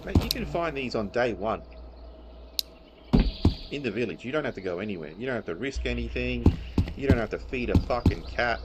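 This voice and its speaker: A man's voice: medium pitch, expressive, fairly quick, pauses often, very noisy. A young man streaming a game live, swearing and ranting in exasperation about poor loot. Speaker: gaming streamer. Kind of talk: live gameplay commentary. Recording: loud game sounds behind.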